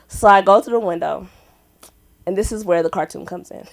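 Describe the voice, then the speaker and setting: Speaking fast in a mid-range voice, a young open-mic comic tells a story on a comedy club stage. She giggles, stays animated, and belts out acted-out voices.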